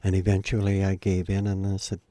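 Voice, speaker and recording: Warm but monotone and a little fast, an older man's voice comes through with no echo. He's a musician and guest storyteller sharing a heartfelt story in an interview. His earnest telling climbs in pitch and volume where the emotion peaks.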